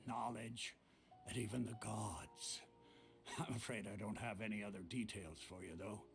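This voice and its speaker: An actor voicing a composed male leader in a video game, calm and explanatory. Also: fairly low pitch, moderate pace, vocal fry, over music. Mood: briefing.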